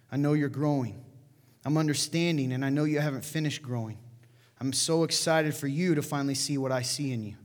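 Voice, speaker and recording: A man preaching as pastor to his congregation, chatty and joking in asides to the crowd. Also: mid-range voice. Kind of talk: sermon to a congregation. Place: church hall. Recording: long hall reverb.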